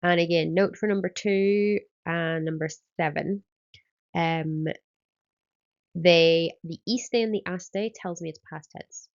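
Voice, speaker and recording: Woman teaching, gravelly and dull. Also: fairly low pitch, steady tone, takes it slowly. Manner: explains step by step, often starting with um. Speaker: Spanish teacher. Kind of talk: recorded exam-prep lesson.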